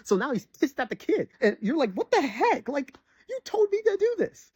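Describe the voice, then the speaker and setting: Man, game reviewer, casual rambling recap, lots of fillers, slightly high pitch. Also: darkish tone, no echo, studio quality. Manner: rambling, filler-heavy, restarts often.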